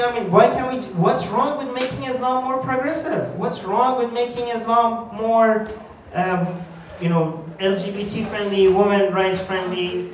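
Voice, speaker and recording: A man giving an argumentative conference talk, animated and acting out quoted voices as he builds his case. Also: high voice. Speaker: conference speaker. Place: conference hall. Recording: echoey hall, distant mic, faint noise.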